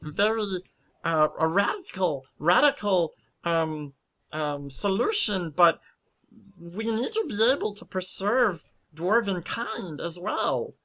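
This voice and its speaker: A man's voice: high voice, sing-song, slow pace, bright, forceful tone, pitched above the performer's own voice, exaggerated voice. A man voicing a timid male inventor who stammers nervously.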